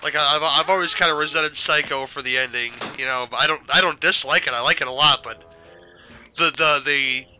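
Podcast host, male; very bright tone, higher side; stammery, swears freely in casual film talk. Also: fairly quick, soft background music, rough recording. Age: adult, older than childhood viewing years. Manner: stammering restarts, profane and opinionated. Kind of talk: casual movie commentary chat.

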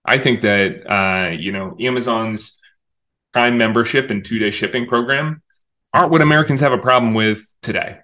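A male communications director, interviewed conversationally, explains his views with emphasis and plenty of talk, often restarting sentences. He has a medium pitch, moderate pace, and a bright, forceful tone.

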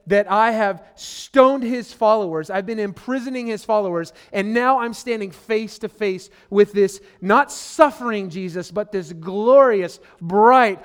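A pastor delivers his sermon in a notably high male voice. He is earnest and emphatic, leans on repeated phrases for weight, and keeps turning to the congregation as friends. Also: animated, measured pace, hardly any pauses. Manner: addresses listeners directly as friend.

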